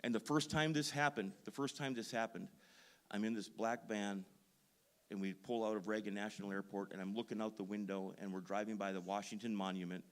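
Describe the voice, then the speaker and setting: A pastor's sermon from a man who talks in a fairly low voice. He tells stories about himself with a self-deprecating streak and lets the emphasis build loud. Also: fairly even intonation, fairly quick. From Duluth, Minnesota. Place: church sanctuary.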